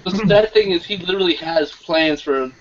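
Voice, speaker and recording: Blunt jokey man, slightly high voice. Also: fairly quick, noisy background. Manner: blunt, crude jokey quips. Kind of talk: casual live chat among friends. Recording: dull lo-fi mic with chatter behind.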